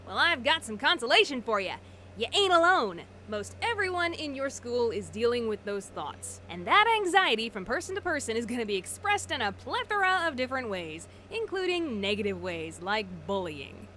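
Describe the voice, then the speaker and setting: Wry, lively woman narrating a cartoon. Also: a little high, a little fast, slight background noise. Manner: wry, sarcastic, playful delivery. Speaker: animated storytelling narrator. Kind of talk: scripted narration.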